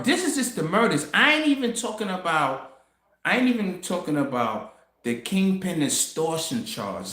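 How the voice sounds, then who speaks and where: A man hosting a casual commentary monologue, telling a story in an animated way, laughing and swearing as he goes. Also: fairly high pitch, roomy sound. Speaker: commentary host.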